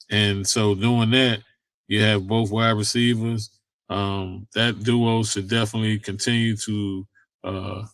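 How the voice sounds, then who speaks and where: A man with a low, fairly flat voice talks football in a loose, rambling way, full of ums and uhs and everyday slang. The sound is dry and close, with no room around it. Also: no echo. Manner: loose and conversational, many fillers, Southern US vernacular. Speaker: sports podcast host. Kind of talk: casual sports talk.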